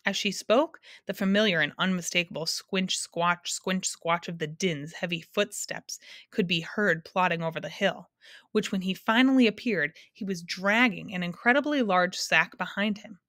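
Expressive woman reading a storybook. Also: on the low side, normal speed, dry recording, studio quality. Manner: expressive, lingering on sound words. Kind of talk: audiobook narration.

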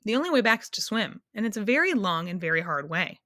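A woman's voice: medium pitch, very animated, fast talker, bright, forceful tone, dry recording, clean studio sound. A woman reading aloud and voicing a fretful, contradictory man in a storybook.

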